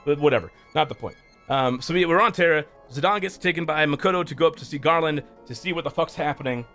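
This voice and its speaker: A man's voice: fairly high pitch, fast talker, a bit bright, faint music behind. Casual, profane male streamer. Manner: loose, profane and rambling, with many fillers. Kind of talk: casual recap of a game's story.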